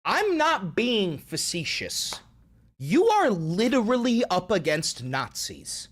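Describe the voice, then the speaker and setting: A man's voice: high-pitched, huge pitch swings, slow pace. A man hosting a livestream commentary, talking in an angry, emphatic and profane way. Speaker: host.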